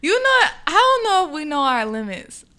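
A woman's voice: sits high, sing-song, fairly quick, sharp tone. A woman co-hosting a podcast in casual banter, playful and teasing, laughing often. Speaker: podcast co-host.

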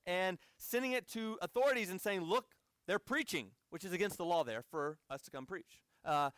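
A man's voice: sits high, big pitch swings, brisk, a bit bright, clean tone, dry recording, clean studio sound. An American man preaching a sermon as a conversational story with asides to the audience. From United States.

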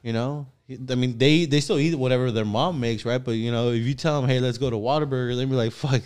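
A man's voice: medium pitch, fast talker, a little mellow, clear, resonant tone. A man in his thirties co-hosting a casual talk show, laid-back and rambling with lots of "you know" and "right?", now and then slipping into Spanish slang. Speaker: podcast co-host. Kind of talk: casual chat.

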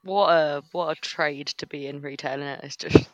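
A man's voice: on the high side, fairly even intonation, moderate pace, fairly bright tone, no echo. A man co-hosting a podcast, telling crude workplace stories in a wry, casual way. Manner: crude, wry storytelling with laughs. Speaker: podcast co-host. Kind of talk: casual storytelling chat.

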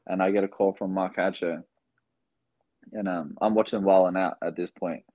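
A man's voice: low voice, fairly even intonation, normal speed, no echo, phone-quality sound. A young man from Australia with an Australian accent, telling stories as a guest in a casual interview, full of fillers. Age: young adult. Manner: rambling, filler-heavy storytelling. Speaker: guest, basketball player.

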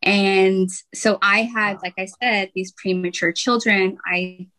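A woman of middling pitch speaks as a podcast guest, telling a personal story in long, candid runs. Her delivery is animated and open, neither high nor low in tone. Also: slow, poor audio. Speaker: guest, intuitive healer.

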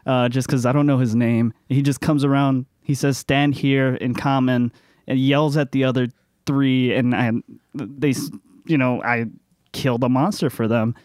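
A man's voice: mid-range voice, fairly even intonation, moderate pace, a little mellow, no room sound, studio quality. A man, a tabletop game player, casually introducing his character, rambling with many fillers.

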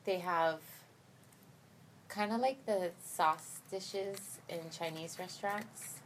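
A woman chatting casually as a guest in a car, relaxed and full of filler "likes". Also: lowish voice, slow, a little hiss or hum, low-quality recording. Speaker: guest, host's wife. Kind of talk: casual chat.

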